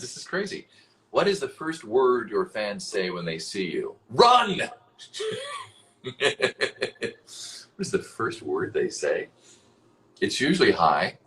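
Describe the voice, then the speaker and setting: Man in his fifties, deep voice, lively swooping delivery, casual livestream Q&A, rambling, swears a lot. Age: 50s. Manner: reads fan questions aloud, then answers. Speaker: voice actor answering fan questions.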